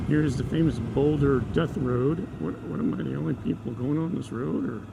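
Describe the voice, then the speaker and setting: A man's voice: on the high side, moderate pace, vocal fry, few pauses. Rambling man on a windy motorcycle ride. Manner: rambling, sarcastic, many fillers and restarts. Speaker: motorcycle vlogger. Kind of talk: rambling casual vlog. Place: riding a motorcycle outdoors. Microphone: stereo lavalier inside a helmet. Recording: wind and engine noise.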